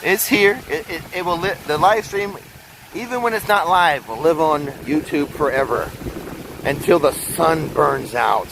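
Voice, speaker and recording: Male vlogger, slightly high voice, rambling and chatty, live from an outdoor park, faint wind behind. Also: measured pace, gravelly. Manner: rambling, chatty, talks straight to viewers. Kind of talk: casual live-stream chat. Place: outdoors in a theme park, by a fountain. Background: wind and splashing water.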